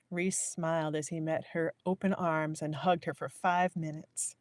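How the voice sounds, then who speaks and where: A woman narrating a novel in a live audiobook reading, measured and willing to restart a line. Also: sits low, a little mellow, dry recording, clean studio sound. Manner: measured, restarts lines to correct herself.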